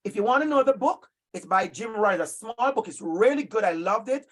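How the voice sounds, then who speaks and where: A middle-aged man with a Jamaican accent leads a training session for teachers. His delivery is emphatic and animated, and he often calls on listeners by name as he speaks. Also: high voice, brisk. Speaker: workshop presenter for teachers. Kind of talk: lively professional-development talk.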